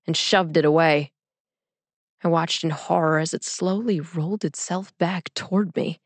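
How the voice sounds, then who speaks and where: A young woman reading a first-person story aloud in a calm, measured, introspective way. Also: sits low, dry recording.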